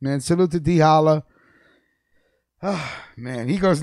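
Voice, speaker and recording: A man's voice: on the high side, unhurried, long pauses, no echo, clean studio sound. A man hosting a live talk show, telling stories with lots of laughter in casual banter. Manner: animated storytelling, laughs often. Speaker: radio show host.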